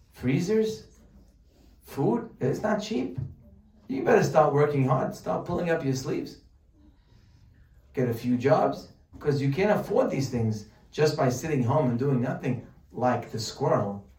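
A man giving a humorous religious lesson, animated and joking, full of rhetorical questions. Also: on the high side. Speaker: Torah teacher. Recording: roomy sound from a distant mic.

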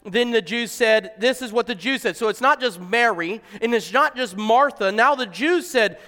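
A pastor preaching a conversational sermon that builds to fervent, emphatic exclamations. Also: male voice, very high voice, moderate pace, hardly any pauses, sharp tone, long reverb tail.

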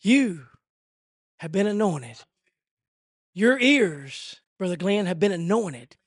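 Male preacher, very high and bright. Revival sermon, dry close sound. Drops to a hush, then builds to shouts. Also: lively intonation, takes it slowly, no echo. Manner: swings from hushed to shouting; rhythmic repetition, rising cadence. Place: church service.

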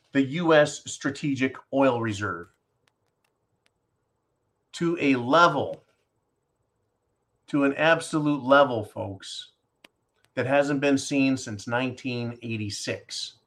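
Man, talk show host, mid-range voice, sarcastic, ranting, animated, talks to his listeners as folks. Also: medium pitch, slow, long pauses. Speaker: host reading listener questions. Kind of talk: casual opinion talk show.

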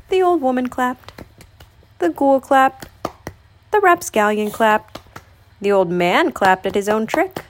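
A woman reading a children's picture book aloud, with an expressive storytelling delivery. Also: sits high.

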